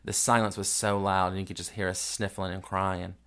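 Grieving man, low voice, candid storytelling. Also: fairly quick, clean tone. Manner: candid and profane, swings from hushed grief to loud excited retelling. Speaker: podcast host. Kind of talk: raw emotional storytelling.

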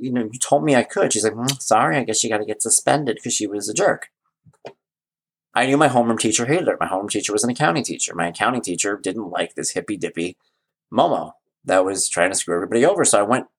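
A man's voice: fairly low pitch, slightly rough. A middle-aged man, telling casual stories as a podcast host and acting out the people he quotes. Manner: animated, acts out quoted voices. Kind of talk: casual storytelling monologue.

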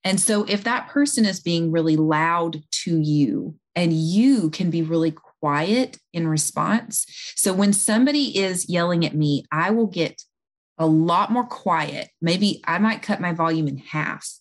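A woman speaking as an interview guest, calmly explaining and talking through everyday examples. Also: on the low side, measured pace. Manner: calm, explanatory, talks listeners through examples. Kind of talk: conversational advice.

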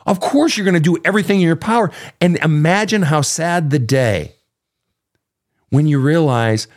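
A podcast host and relationship coach runs an advice talk show, delivering his views bluntly and emphatically with plenty of swearing. His voice is on the high side and a little mellow, at a normal speed.

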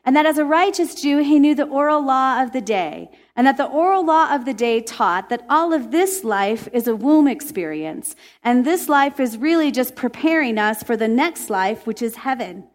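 A woman with a slightly high voice tells a faith testimony in an earnest, emotive way. She speaks from the heart, and her voice rises when the story excites her. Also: normal speed, few pauses. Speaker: Christian speaker.

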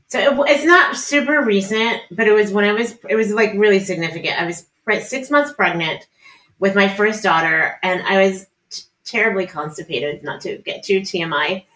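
A woman guest on a podcast telling a funny personal story in an animated way. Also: mid-range voice, moderate pace, reverberant. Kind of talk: casual storytelling.

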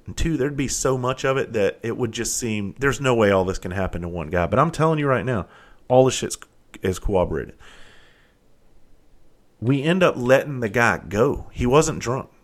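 Profane, animated former cop telling stories. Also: male voice, medium pitch. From South Carolina. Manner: profane, animated storyteller who swings loud and quiet. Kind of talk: casual storytelling monologue.

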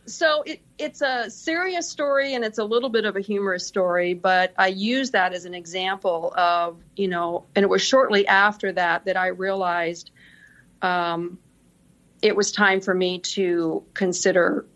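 In an unhurried, steady tone, a middle-aged woman recounts work stories as a podcast guest, often breaking into laughter; she's a senior executive assistant. Her voice is medium-pitched and a bit bright, though the audio is dull.

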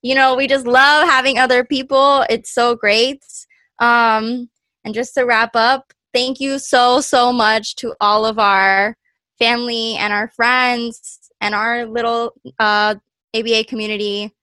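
A woman's voice: on the high side, level tone, unhurried, pushed and bright, no room sound. Earnest, emotional woman podcast co-host. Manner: earnest, emotional, laughs often. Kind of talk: casual podcast chat.

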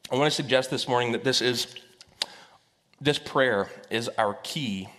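Conversational preacher in an echoey hall. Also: male voice, mid-range voice, a little slow, a bit bright. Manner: conversational, storytelling, with fillers. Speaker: pastor. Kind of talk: sermon.

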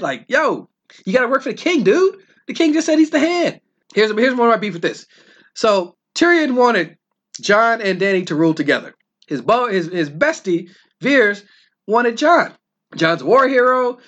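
A man, a self-published author, ranting casually and profanely about a TV finale, exasperated, with quick asides. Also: a little high, a bit bright, dull audio. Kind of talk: casual rant.

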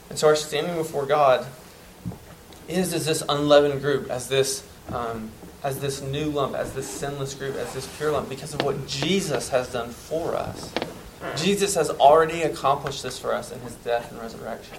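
A man preaching a sermon, earnest and emphatic, dropping to soft tones at tender moments. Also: mid-range voice, normal speed, background noise.

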